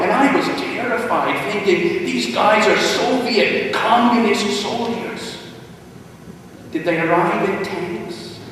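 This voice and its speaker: High-voiced pastor in an echoey church. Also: male voice, a little hiss or hum. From Wales. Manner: animated storytelling with big swings in pitch. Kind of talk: storytelling sermon. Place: large church sanctuary. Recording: echoey hall, distant mic.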